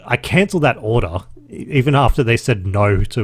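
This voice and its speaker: A man's voice: medium pitch, very animated, brisk, breathy edge. An Australian man in his thirties hosting a casual solo podcast, chatty and swearing freely as he recaps his week. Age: 30s. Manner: chatty and profane, with laughs. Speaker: podcast host.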